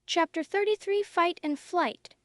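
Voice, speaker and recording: A woman narrating a story in a slow, clear, even reading for English learners. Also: extremely high pitch, no room sound, studio quality.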